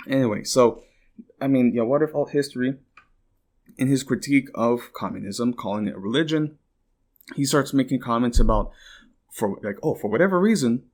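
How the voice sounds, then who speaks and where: A man at a middle pitch, talking off the cuff as a podcast host. He rambles through his points, swears freely and strings them together with constant "like"s. He turns indignant and bursts out in exclaims. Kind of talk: casual political commentary.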